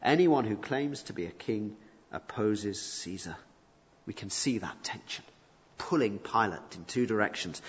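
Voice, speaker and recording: A man's voice: fairly low pitch, expressive, unhurried, husky. A man preaching a sermon, explaining a passage verse by verse with rhetorical questions and rising emphasis. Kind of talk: expository sermon. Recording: muffled reverberant hall recording.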